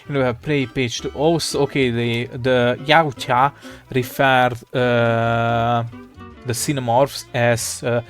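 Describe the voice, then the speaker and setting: A man in casual rambling commentary, thinking aloud with an irreverent, swearing manner. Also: mid-range voice.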